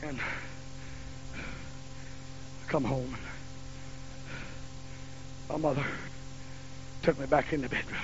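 A man's voice: mid-range voice, flat delivery, slow, pauses often. A man, preaching a fiery sermon in a folksy storytelling way in a church. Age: 50s. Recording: lo-fi recording with faint hum.

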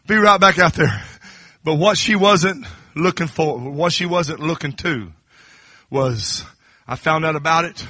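A middle-aged man preaching a sermon, dropping to low confiding talk and then rising to high shouted crescendos. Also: moderate pace, breathy edge, dry recording, studio quality.

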